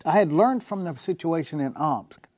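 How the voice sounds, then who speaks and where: A man's voice: a little high, lively intonation, normal speed, darkish tone, no room sound. A man, a guest on a Christian talk show, telling a personal story in a casual, anecdotal way with the occasional chuckle. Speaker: guest telling faith stories.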